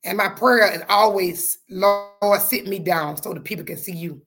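A woman hosting a podcast, talking to her listeners with fervent, repetitive, preacher-like faith talk, her voice going hoarse. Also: medium pitch, moderate pace, music in the background. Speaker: podcast host.

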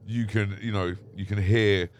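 A man with a London English accent, chatting casually and telling animated stories in a park. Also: fairly low pitch, unhurried. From England. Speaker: podcast co-host. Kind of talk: casual chat. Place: outdoors in a park.

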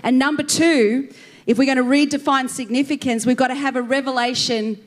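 A woman's voice: high voice, fairly even intonation, a little fast. A woman preaching a sermon with enthusiasm, speaking straight to the congregation. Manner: enthusiastic, addresses the congregation directly.

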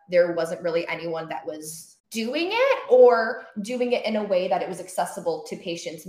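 A woman's voice: lowish voice, reverberant. A young woman physical therapist, a guest in a casual interview, talking with energy and lots of fillers. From Florida. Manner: enthusiastic, chatty, many fillers like "like" and "kind of".

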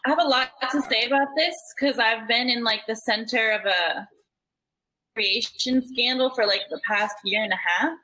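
An opinionated woman vents in a casual online chat. Her voice is a bit high and husky, and she sounds exasperated and sure of herself. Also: moderate pace, pushed and bright, poor audio. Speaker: entrepreneur and panelist.

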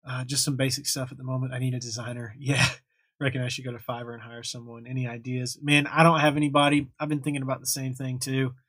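A man's voice: mid-range voice, level tone, fast talker, a bit bright, breathy edge, no room sound. A young man casually hosting a livestream, chatting loosely and thanking viewers as he reads their comments. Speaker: livestream host answering chat. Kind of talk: casual live chat.

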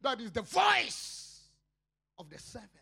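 South African male pastor, slow fiery sermon, cries out then drops to murmurs. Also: huge pitch swings, gravelly, slightly rough. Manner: impassioned, swinging between shouted cries and low murmurs.

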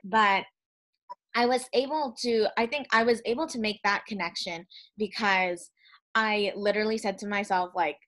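Young woman co-host, bright upbeat voice, laughs a lot, playful quoted voices. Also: mid-range voice, normal speed. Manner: chatty, laughs often, acts out quotes. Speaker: podcast co-host. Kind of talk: casual chat.

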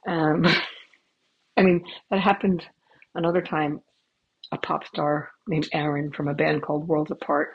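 A woman's voice: sits low, creaky, husky. A woman hosting a podcast from home with her cats, telling chatty, rambling, profane stories into a headphone mic that cuts in and out, in a dull lo-fi recording. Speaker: podcast host. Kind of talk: casual storytelling. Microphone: headphone mic cutting in and out.

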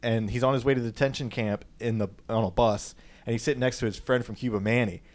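Casual guy rambling thru a movie plot, lots of um and like, average pitch. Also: fairly even intonation, fast. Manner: rambling, full of fillers and "like". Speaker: podcast co-host. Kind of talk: casual film recap.

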